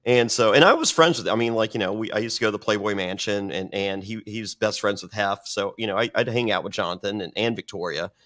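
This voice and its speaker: A man's voice: on the low side, quick pace, few pauses, fairly bright tone. Profane man rambling through a story. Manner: profane, rambling with many restarts. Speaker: guest. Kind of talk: casual storytelling interview.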